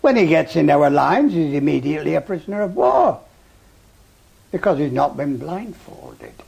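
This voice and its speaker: Older man, gravelly voice, slightly high, animated archive storytelling. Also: moderate pace. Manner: lively storytelling, shouting out remembered calls. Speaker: war veteran interviewee. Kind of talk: archive oral-history interview.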